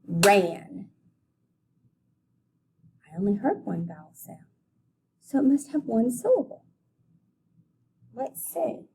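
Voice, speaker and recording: A woman teaching a phonics lesson to young children, deliberately sounding out letters and syllables. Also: mid-range voice, vocal fry, noisy background. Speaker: elementary school teacher.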